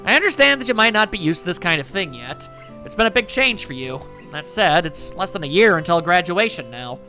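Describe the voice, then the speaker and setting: A man voicing a patient male schoolteacher who lectures in a measured, roundabout way while reading a visual novel aloud. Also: high voice, big pitch swings, sharp tone, faint music behind, full character voice. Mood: reassuring.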